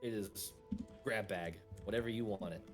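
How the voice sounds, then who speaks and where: A man's voice: fairly low pitch, moderate pace, faint music behind. A man running a tabletop game as game master, narrating and then chatting casually with players, laughing often. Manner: laughs often, animated when excited.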